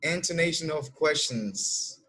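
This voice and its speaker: Dominican male English teacher, slow and husky, patient, models each answer. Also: fairly high pitch, animated, pushed and bright. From Dominican Republic. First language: Spanish. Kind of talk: classroom lesson explanation.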